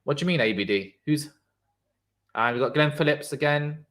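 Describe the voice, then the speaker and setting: A man giving casual live cricket commentary on a stream, reacting loudly to the play and chatting with viewers in the chat. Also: fairly high pitch, normal speed.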